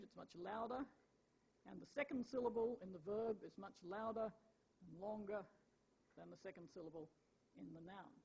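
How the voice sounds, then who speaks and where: A woman's voice: medium pitch, gravelly, a little mellow, breathy edge. An older woman lecturing to a hall audience in a conversational way, with restarts, fillers and playful asides. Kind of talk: public lecture. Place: lecture theatre.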